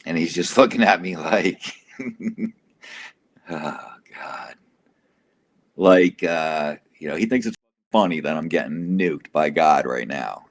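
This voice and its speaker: A man's voice: very deep voice, expressive, moderate pace. A man telling an emotional personal testimony as an interview guest, casual and profane, acting out quotes dramatically.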